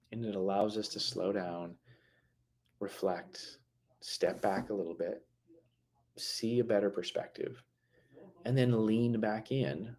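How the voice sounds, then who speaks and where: Man, lowish voice, live stream host, conversational, lots of fillers and restarts, slows to stress words. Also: darkish tone, breathy edge. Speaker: mental health talk host.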